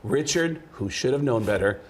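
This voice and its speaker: A man, a comedian and impressionist from the Bronx, telling stories as a guest in a TV news studio. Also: mid-range voice. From the Bronx, New York. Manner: animated storyteller, slipping into quick impressions. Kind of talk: casual interview storytelling.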